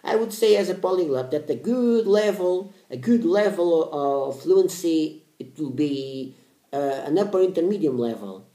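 A man's voice: fairly high pitch, animated, unhurried, dark tone, roomy sound. A man in his late twenties, a polyglot vlogger giving a casual motivational talk, blunt and repetitive, swearing casually. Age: 20s.

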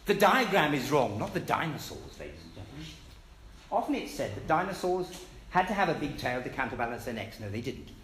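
A man's voice: mid-range voice, big pitch swings, fairly quick, fairly bright tone. A British man giving an emphatic, scornful public lecture to an audience in a hall. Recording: echoey hall with faint ambience.

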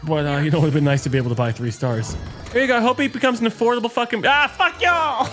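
A man's voice: on the high side, animated, racing, over music. A man playing a party video game with friends, crude and self-mocking. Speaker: gamer. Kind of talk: casual gaming chat.

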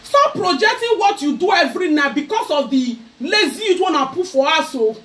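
A Nigerian woman vlogger ranting loudly to camera in a mocking, scolding way. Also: extremely high pitch, expressive, moderate pace, few pauses. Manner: loud, mocking, switching into Pidgin. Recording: voice a bit far from the mic.

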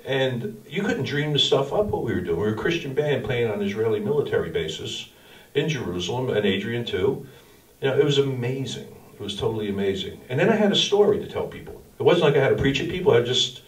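Casual middle-aged pastor, slangy storyteller, mid-pitched, heard from a distance. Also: male voice, expressive, a little fast. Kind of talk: informal sermon. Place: small church cafe venue. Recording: echoey room from far off.

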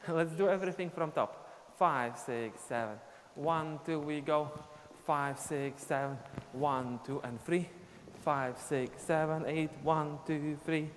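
Slowly and in a fairly high voice, a male teacher walks a live online dance class through the steps, counting beats aloud while he dances. The setting is a dance studio, recorded with long reverb and a faint ambient background.

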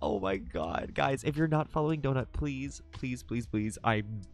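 Lively, excitable young man streaming. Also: normal speed, vocal fry, faint music behind. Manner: excitable, swings into loud high squeals. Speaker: livestream host. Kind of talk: casual late-night stream chat.

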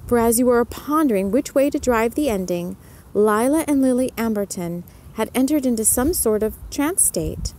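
A woman narrating an ASMR story slowly and gently, speaking directly to the listener. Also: on the high side, slight background noise, low-quality recording. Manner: slow, gentle, addresses the listener.

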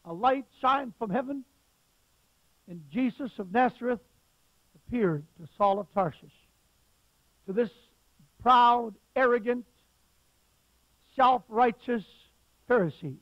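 A man preaching a sermon as a pastor, with emphatic stresses that suddenly grow loud. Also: extremely high pitch, no room sound, muffled recording.

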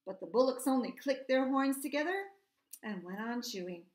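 A woman reading a classic storybook aloud in a clear, measured way. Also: sits high, expressive, echoey room. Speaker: audiobook reader. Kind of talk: storybook narration.

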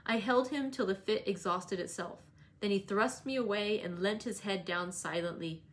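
A woman's voice: medium pitch, moderate pace. Woman reading a novel aloud. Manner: steady, with occasional self-corrections. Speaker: read-aloud reader.

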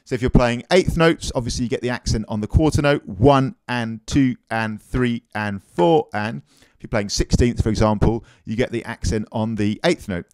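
Guy teaching drum technique, counts the beats out loud, dead dry sound. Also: mid-range voice, fairly quick, dry recording. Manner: counts beats aloud while explaining technique. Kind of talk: instructional demonstration.

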